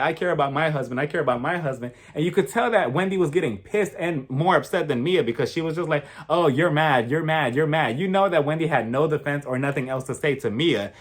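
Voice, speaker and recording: A young man giving a casual, gossipy recap of a reality show and acting out what the cast said. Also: a little high. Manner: animated, gossipy, acts out quotes. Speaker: reality TV reviewer.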